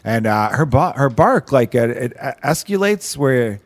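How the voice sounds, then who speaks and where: A man's voice: mid-range voice, sing-song, a little slow, no echo. A man in his thirties hosting a podcast, chatting casually and swearing a lot as he rambles. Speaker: podcast host. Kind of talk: casual chat.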